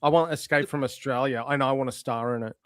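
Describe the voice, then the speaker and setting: A man's voice: medium pitch, steady tone, fast, crowd noise. A man joking and giggling through a casual group chat, often cutting in. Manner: giggly, jokey, interjecting.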